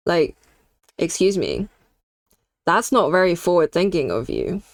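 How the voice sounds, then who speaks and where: A woman's voice: lowish voice, sing-song, a little slow, no room sound. Chatty young woman, dry close sound. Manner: chatty and candid, reacting to chat. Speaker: streaming artist. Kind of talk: casual chat while drawing on stream.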